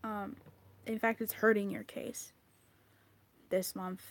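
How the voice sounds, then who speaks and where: A woman's voice: medium pitch, little pitch movement, takes it slowly. A woman giving an intuitive tarot card reading, blunt and profane, scolding the listener with exasperation. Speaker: tarot reader.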